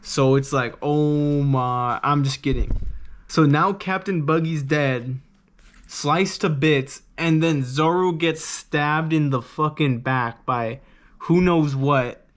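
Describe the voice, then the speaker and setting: An excitable man rambles through a casual manga review, swearing freely and leaning on filler words. His voice sits a little high for a man. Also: slow pace.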